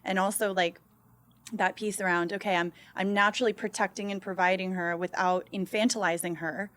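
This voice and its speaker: A woman hosting a podcast, listening closely and reflecting her guest's ideas back in a calm conversational way. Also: mid-range voice, fairly quick. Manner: attentive, frequent soft affirmations, reflective summaries. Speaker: podcast host. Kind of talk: casual conversational interview.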